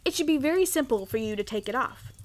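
A woman voicing a blustering, impatient king who speaks in a loud, commanding way. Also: high-pitched, animated, fast talker.

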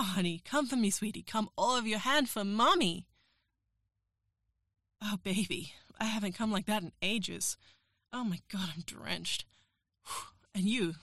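A woman's voice: mid-range voice, fairly bright tone, no echo, clean studio sound. A woman performing an erotic audio role-play as a professor, teasing, coaxing and giving orders.

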